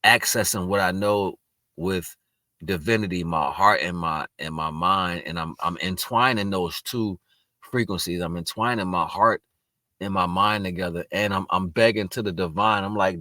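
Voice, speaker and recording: A man's voice: sits low, normal speed, bright, forceful tone, dry recording. A man talking in a casual, rambling monologue, earnest and spiritual, often restarting his sentences. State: tearful at moments. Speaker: vlogger sharing personal reflections.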